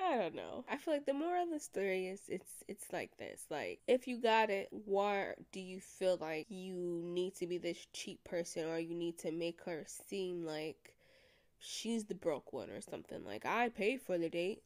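A woman's voice: mid-range voice, a little mellow. A young woman hosting a podcast in casual chat, speaking in with a sassy, blunt manner and frequent laughter. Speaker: podcast host.

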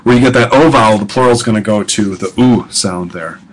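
A man teaching a biblical Hebrew grammar lesson in a relaxed, conversational way, asking rhetorical questions and often filling pauses with "um" and "okay.". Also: fairly low pitch, a little hiss or hum, rough recording. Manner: conversational, asks rhetorical questions, frequent ums and okays, chuckles. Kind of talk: recorded lecture audio guide.

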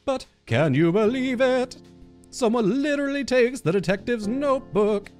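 A man giving playful, excitable commentary over a video game playthrough, joking with his viewers. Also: very high-pitched, moderate pace, faint music behind. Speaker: gaming YouTuber. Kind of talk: let's play commentary.

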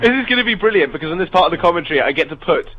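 A man's voice: fairly high pitch, expressive, rapid-fire, over a noisy crowd, rough recording. A young man chatting casually over a headset while gaming, rambling with restarts and frequent laughs. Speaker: gamer co-commentator.

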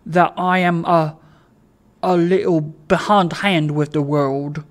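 A man's voice: on the high side, fairly even intonation, slow pace. A man voicing a meek, anxious poor old man in a storybook reading, talking hesitantly and apologetically. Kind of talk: audiobook reading.

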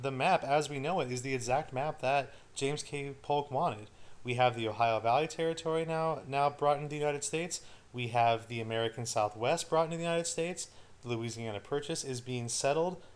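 A man's voice: mid-range voice, normal speed. A male history teacher giving a recorded study-guide lecture, casual and joking with his students.

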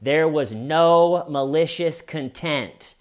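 A man's voice: on the high side, takes it slowly, voice pushed up. A man mimicking a defensive adult woman suspect who insists on her denials and keeps repeating herself. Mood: insistent.

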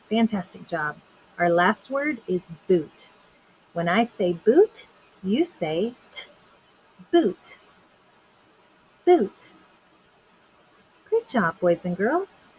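A woman teacher leading a young children's listening game, speaking slowly and clearly and praising often. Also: fairly low pitch, a little mellow, rough recording. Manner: slow, clearly enunciated, encouraging teacher talk. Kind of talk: children's phonics lesson.

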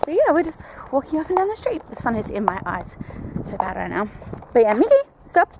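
Giggly young woman vlogging with a gravelly edge. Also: on the high side, big pitch swings, fast talker, noisy background. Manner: giggly, chatty, baby talk to her dog. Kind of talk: casual vlog chat. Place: walking outdoors on a street, later in bed at home.

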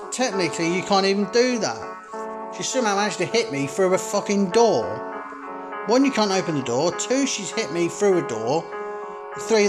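A man giving casual, rambling let's-play commentary as a gaming YouTuber, swearing freely and padding his talk with fillers. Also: a little high.

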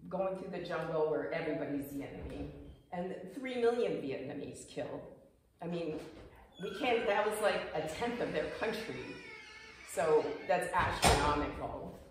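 A woman's voice: low voice, lively intonation, normal speed, a little hiss or hum. A woman in her fifties giving a personal, emotional talk to a small audience, acting out quoted dialogue as she goes. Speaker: speaker giving a presentation. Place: apartment clubhouse room. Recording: echoey room, mic far off.

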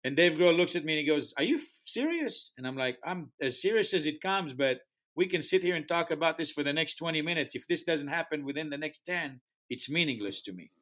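A man who founded a music festival tells an interview story in animated fashion, acting out quoted dialogue in slightly non-native English. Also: a little high, brisk.

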